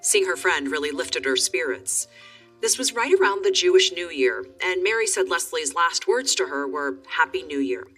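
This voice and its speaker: A TV correspondent giving scripted documentary narration in a measured, even way and asking interview questions. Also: mid-range voice, husky, distant mic, faint music behind.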